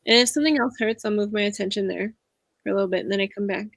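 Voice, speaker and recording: Earnest woman with a gravelly edge. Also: medium pitch, steady tone, very fast, dry recording. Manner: earnest, reflective, confiding. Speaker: guest speaker, empowerment coach. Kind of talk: casual interview conversation.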